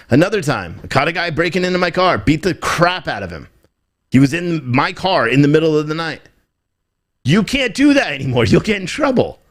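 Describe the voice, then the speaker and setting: Responding to his live stream's chat, an American man riffs on politics in a fairly high-pitched voice. He hammers the same points again and again with rhetorical questions, and his rambling speech is full of restarts.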